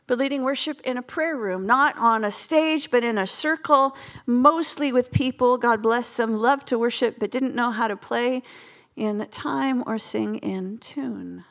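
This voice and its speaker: A woman preaches a sermon, telling personal stories with self-deprecating humor. Her voice sits high in the female range. She keeps it conversational and easygoing, like a pastor talking to her congregation. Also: unhurried, fairly bright tone. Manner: self-deprecating storytelling with laughs.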